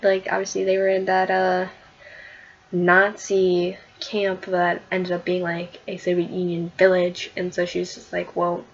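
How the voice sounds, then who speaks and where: A woman's voice: lowish voice, monotone, unhurried, highs cut off. A woman casually talking through a comic issue in a chatty vlog, full of fillers and giggles. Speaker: comic book reviewer.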